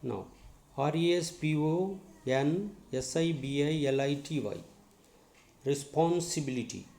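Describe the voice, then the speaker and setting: A male English teacher giving a lesson, spelling words letter by letter and repeating each one slowly. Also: a little high, creaky, background noise. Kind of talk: classroom lesson on syllables. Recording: echoey room.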